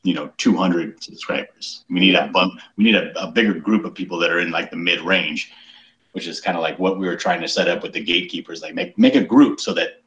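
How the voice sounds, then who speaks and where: A man chatting in a group call, earnest and measured as he makes a case. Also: low-pitched, fairly bright tone, echoey room. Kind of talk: casual group chat.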